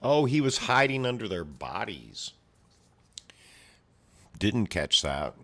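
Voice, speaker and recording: A low-voiced man chats casually as he pages through a comic, narrating the action in a loose, rambling way. He tosses in his own mouth sound effects and offhand asides as he goes. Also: sing-song, takes it slowly, pushed and bright. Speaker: comic reader and commentator. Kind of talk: casual read-along commentary.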